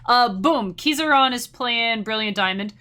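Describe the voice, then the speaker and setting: Speaking at a measured pace in a slightly high, sharp voice, a female musician and streamer hangs out with viewers in a casual livestream chat. Her talk rambles and restarts, broken up by frequent laughter.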